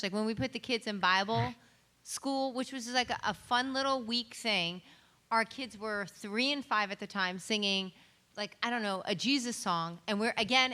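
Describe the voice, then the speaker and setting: A woman's voice: a little high, bright, forceful tone. A woman co-hosting a live comedy show, teasing her husband and correcting his story. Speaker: co-host. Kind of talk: casual banter.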